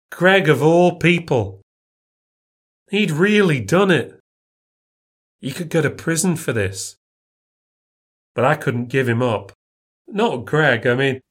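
A man reading a first-person ghost story in a measured, tense manner. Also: a little high.

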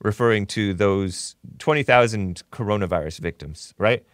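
A man's voice: on the low side, normal speed, no echo, studio quality. A man hosting a talk show, giving opinionated commentary with a mocking tone and frequent chuckles. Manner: mocking, chuckles often while reading posts.

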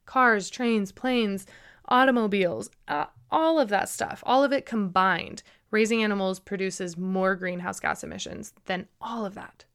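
A woman talks through a solo podcast episode in an earnest, emphatic way, stumbling and restarting as she goes. Her voice sits at an ordinary middle pitch and carries a slightly emotional edge. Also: unhurried, fairly bright tone, clean tone. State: a little emotional. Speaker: podcast host. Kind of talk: casual solo podcast monologue.

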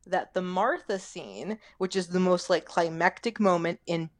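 A woman's voice: lowish voice, normal speed. A woman, a podcast guest, talking casually and laughing often as she gushes through scenes she loves. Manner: gushing, laughs while retelling scenes. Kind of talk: casual chat.

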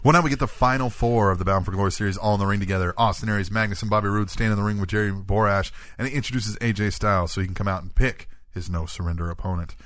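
A wrestling podcast co-host with a lowish, fairly bright voice speeds through a play-by-play recap of the week's matches, often tacking "right?" onto his statements. The studio-quality recording has no room sound, and the talk is casual.

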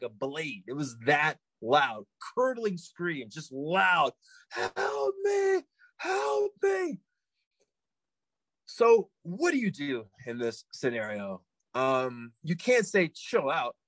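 Animated man telling a story, dry mic. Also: fairly high pitch, no echo, rough recording. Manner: animated, repeats himself, many fillers and restarts. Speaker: podcast guest. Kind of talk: casual storytelling in a podcast interview.

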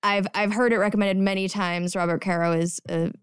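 Smooth-voiced woman co-hosting a podcast. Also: medium pitch, steady tone, brisk, dry recording, studio quality. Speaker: podcast co-host. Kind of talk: casual podcast conversation.

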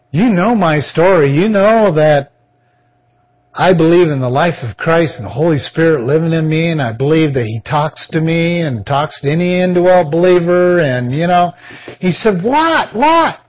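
A man's voice: a little high, a little slow, dull audio. A man preaching on a podcast, telling a personal testimony and acting out the voices of the people in it. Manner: animated, acts out quoted voices. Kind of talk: storytelling testimony.

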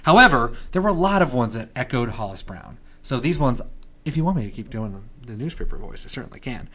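Male podcast co-host, casual, lively pitch, bursts into a newsboy voice for headlines. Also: fast, slightly rough. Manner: reads headlines in a loud old-time newsboy voice. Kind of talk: casual chat, reading old headlines.

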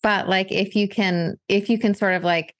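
A woman literary agent and author talking as a podcast guest, thoughtful and relaxed, dotted with filler words. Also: mid-range voice, moderate pace, dry recording, studio quality. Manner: reflective, loose with fillers like "like". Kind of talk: casual podcast conversation.

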